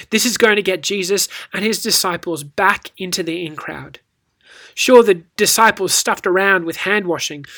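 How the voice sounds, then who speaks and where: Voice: medium pitch, a bit bright. A speaker gives a scripted Bible devotional, telling the story with rhetorical questions and reading scripture with acted inflection. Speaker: Bible teacher.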